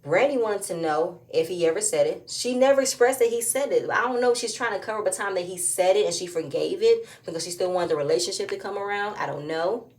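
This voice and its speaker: A woman's voice: medium pitch, lively intonation, quick pace, few pauses, a little mellow. A woman giving a casual, opinionated recap of a reality show, often rising into emphatic outbursts.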